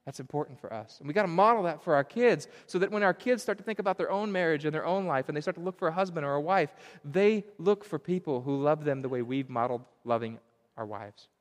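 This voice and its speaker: Earnest man preaching in a reverberant hall. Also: fairly high pitch. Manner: earnest, confessional, pauses and repeats words. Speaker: pastor. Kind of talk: sermon.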